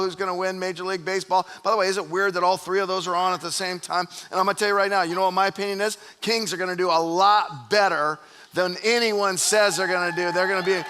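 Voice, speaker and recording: Guy pastor with a really high bright voice, jokey casual preaching. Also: steady tone, quick pace, clear, resonant tone. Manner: joking, conversational preaching. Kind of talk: sermon. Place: church stage before a live congregation.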